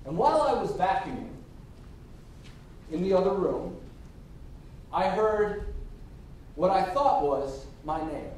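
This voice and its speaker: A man's voice: slow, long pauses. A man giving a storytelling speech as a contestant at a public speaking competition, acting out the quoted dialogue. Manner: lively, acts out quoted dialogue. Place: hall. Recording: echoey hall from far off with faint rumble.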